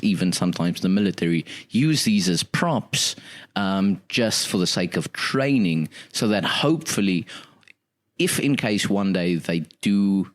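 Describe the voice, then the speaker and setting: A man co-hosting a comedy podcast, talking in a rambling, earnest, mock-formal customer-service manner. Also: deep voice. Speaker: podcast co-host. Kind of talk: casual comedic role-play and banter.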